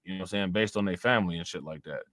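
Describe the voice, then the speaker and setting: A man's voice: sits low, racing, a bit bright, no room sound, studio quality. A young man hosting a live stream, chatting in a loose, rambling and profane way while answering his chat. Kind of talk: casual live-stream commentary.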